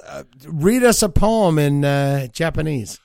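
A man jumps in with teasing jokes and silly asides as he co-hosts a podcast. His voice is fairly high and very lively, recorded dry and close. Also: unhurried, creaky, smooth, dry recording. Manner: teasing, goofy, interjecting. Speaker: podcast co-host. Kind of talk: casual comedic banter.

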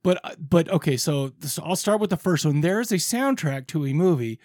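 Male podcast host, easygoing and rambling, voice on the higher side, dry close sound. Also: animated, a little fast, darkish tone, no room sound. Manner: rambling, laid-back, with lots of fillers and restarts. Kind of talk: casual chat.

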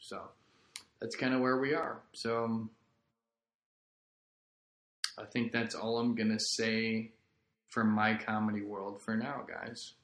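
Man, fairly low voice, rambling casual podcast chat, swears a lot, echoey room. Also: level tone, slow pace, pauses often, fairly bright tone, slight background noise. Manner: laid-back, rambling, swears freely. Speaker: podcast host. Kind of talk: casual solo monologue. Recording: roomy echo.

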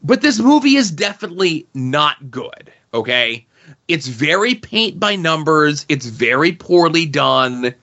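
A man's voice: fairly high pitch, big pitch swings, a little slow, pushed and bright, dull audio. A man hosting a casual movie review chat, sarcastic and rambling, full of "like" and "okay?" asides. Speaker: podcast host.

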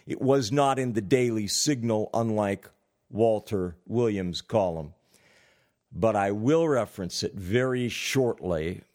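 A man delivering a political commentary monologue, deliberate and given to sarcastic asides. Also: fairly low pitch, darkish tone. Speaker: commentary host.

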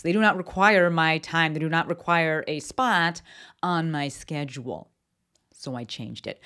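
Fast-talking blunt woman podcast host. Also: lowish voice. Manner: candid and blunt, swears casually, animated asides. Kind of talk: casual solo podcast monologue.

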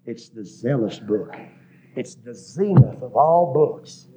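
A man preaching a revival sermon, rhythmically listing words and rising to shouts, recorded in a church. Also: mid-range voice, expressive, slow.

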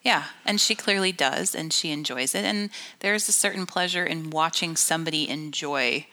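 A woman's voice: low voice, moderate pace, bright, forceful tone. A woman co-hosting a podcast in casual chat, gushing with enthusiasm. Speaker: podcast co-host.

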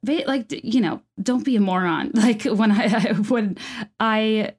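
With a mid-range voice and a slightly slow pace, a woman offers casual commentary on a musical from home. As a video creator she comes across as enthusiastic and chatty, and her talk is full of fillers and restarts.

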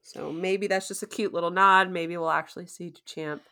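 Chatty woman with a bright lowish voice, laughs a lot while recapping stuff. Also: fairly even intonation, fairly quick. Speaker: podcast co-host recapping a TV episode. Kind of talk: casual chat.

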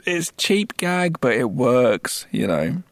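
A man's voice: medium pitch, slow, no echo. A man co-hosting a podcast, chatting casually about a horror comedy and acting out its lines. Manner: acts out film dialogue in lively voices. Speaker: podcast co-host. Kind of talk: casual film review chat.

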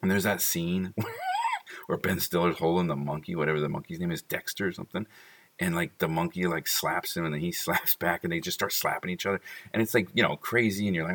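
A man's voice: deep voice, steady tone, brisk, fairly bright tone, far from the mic. A man talking fondly about his children in a casual, rambling monologue full of "like" and small laughs.

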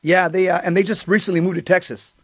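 Higher-voiced man, dry and close. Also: flat delivery, quick pace, no room sound. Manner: conversational, frequent throat clearing and fillers. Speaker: co-host. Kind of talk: casual chat.

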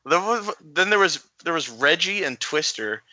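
Young male co-host with a bright, sharp, fairly high voice; crude, excitable riffing. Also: normal speed, no echo. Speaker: podcast co-host. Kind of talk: crude casual banter.

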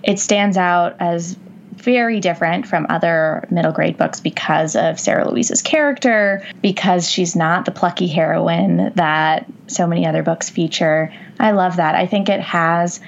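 Gravelly-voiced woman teacher on a podcast. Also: on the low side, measured pace, lo-fi sound. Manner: thoughtful, earnest. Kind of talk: casual book chat.

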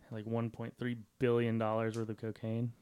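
A man co-hosts a casual podcast, riffing on the news with jokes. His voice is smooth and resonant, and he talks at a middle pitch. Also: completely flat delivery, a little fast, darkish tone. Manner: jokey, tosses off silly voices and riffs. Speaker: podcast co-host.

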